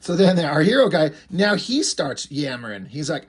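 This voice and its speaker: A man's voice: fairly high pitch, very animated, normal speed, few pauses, husky. Rambling, amused man reviewing comics. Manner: rambling, amused, many fillers. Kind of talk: casual comic book review.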